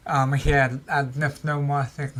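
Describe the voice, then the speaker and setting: A man, a guest on a talk show, telling paranormal stories in casual chat, animated and acting out quotes. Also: mid-range voice, moderate pace. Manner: animated storyteller, acts out quotes.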